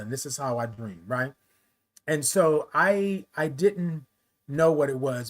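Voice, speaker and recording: Emphatic storytelling man, slightly high voice. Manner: emphatic storyteller, addresses listeners as y'all, rises loud when telling the climax. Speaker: host. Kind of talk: personal testimony on a talk show.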